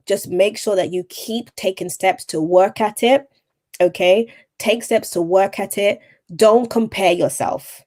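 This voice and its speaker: A woman's voice: fairly low pitch, darkish tone. A woman, a TV presenter and voice-over artist, speaking as a podcast guest and giving earnest, encouraging advice that repeats its key points. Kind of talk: motivational advice in conversation.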